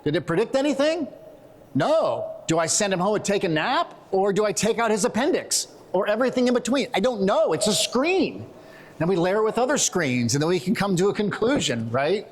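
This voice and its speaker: Quick, joking male conference speaker. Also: high voice. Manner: animated, quick, joking storyteller. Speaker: conference presenter. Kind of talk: conference talk. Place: conference hall.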